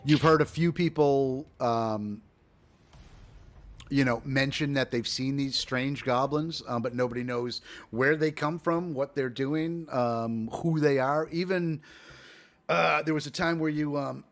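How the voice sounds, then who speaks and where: A man's voice: medium pitch, takes it slowly. A man running a tabletop game, telling stories in a rambling way with lots of fillers and laughs. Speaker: game master. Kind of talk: casual chat and game narration.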